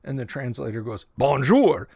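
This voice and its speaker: A man's voice: mid-range voice, measured pace, no echo, studio quality. A man hosting a livestream, chatting casually in a rambling way and often stumbling over and repeating words. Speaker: livestream host of a tabletop game channel.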